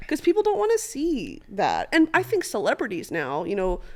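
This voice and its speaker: A woman's voice: mid-range voice, wildly swooping pitch, moderate pace, darkish tone. A woman in her twenties, a podcast guest, chatting casually and animatedly, laughing and swearing freely. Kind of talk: casual chat.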